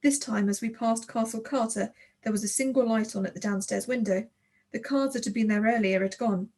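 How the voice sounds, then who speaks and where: A woman narrating a children's audiobook in the first person, with expressive storytelling. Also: on the high side, a little fast.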